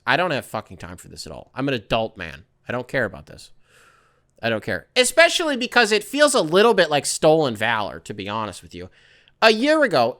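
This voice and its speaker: A man's voice: medium pitch, a bit bright. A young man hosting his own podcast from a home desk, chatting loosely with profane, rambling asides. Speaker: podcast host. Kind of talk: casual solo podcast monologue. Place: home workstation.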